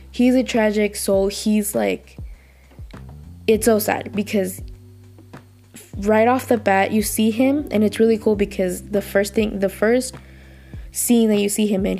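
A woman's voice: medium pitch, a little mellow. A woman, slightly under the weather, chatting casually in a rambling, self-deprecating way as she reviews a drama. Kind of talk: casual vlog recap.

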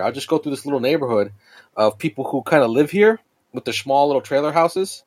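A man's voice: medium pitch, quick pace. A man in his thirties, a podcast co-host, casually telling a long story, rambling and swearing freely with many restarts. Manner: rambling and profane, with frequent restarts and fillers.

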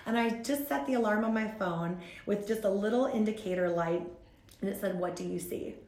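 A woman in her thirties, a guest on a faith-based podcast, talking in an earnest, rambling, animated way. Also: mid-range voice, a little fast, roomy sound.

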